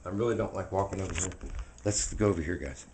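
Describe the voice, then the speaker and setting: A man's voice: deep voice, fast, darkish tone, a little hiss or hum. A man in his forties talking casually to a handheld camera while walking outdoors, rambling and earnest, repeating words as he preaches. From United States. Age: 40s. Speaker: vlogger. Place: outdoors on foot. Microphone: handheld camera mic.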